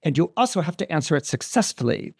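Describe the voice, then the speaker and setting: A man's voice: fairly high pitch, very animated, fast, creaky, a little mellow, slightly rough, no room sound, clean studio sound, heavily acted. A man voicing a menacing, imperious female sphinx who sets a deadly riddle.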